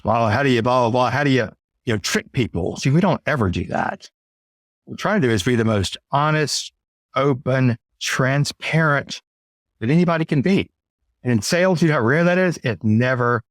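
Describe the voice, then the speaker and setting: A man's voice: medium pitch, no room sound, clean studio sound. A man telling a work story as a sales trainer in a casual monologue, blunt and emphatic, with mild cursing and frequent "right?" asides. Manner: conversational, often asks "right?".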